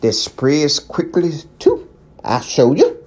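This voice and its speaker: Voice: medium pitch, wildly swooping pitch, slow, a little mellow, heavily acted. A reader doing a patient kind boy. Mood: explaining.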